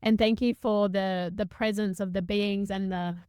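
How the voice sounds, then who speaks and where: A woman's voice: medium pitch, steady tone, moderate pace, dark tone, clean tone, dry recording, studio quality. A woman hosting a spiritual podcast, talking reflectively and searching for words with many restarts. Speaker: podcast host. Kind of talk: reflective conversational podcast talk.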